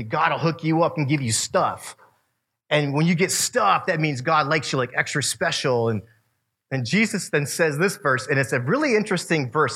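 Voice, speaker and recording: A man preaching a casual, animated sermon to a youth group, using slang and quoting voices. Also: on the high side, husky. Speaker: youth pastor.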